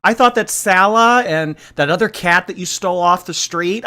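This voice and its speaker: Animated sarcastic commentary host. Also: male voice, high voice, moderate pace. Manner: sarcastic, animated, laughing asides. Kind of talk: reaction commentary.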